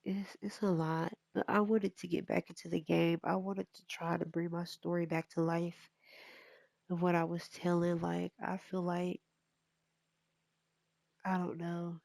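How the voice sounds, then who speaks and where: Slow, gravelly-voiced stuffy woman gamer. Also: fairly low pitch, no echo. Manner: rambling, relaxed, with fillers. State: stuffy nose. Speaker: gaming YouTuber. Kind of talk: casual gameplay commentary.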